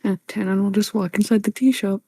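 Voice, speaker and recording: A woman's voice: medium pitch, steady tone, a little fast, warm tone, no room sound. A woman playing in an online tabletop game, chatting casually and laughing between lines. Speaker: player. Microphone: online voice chat microphone.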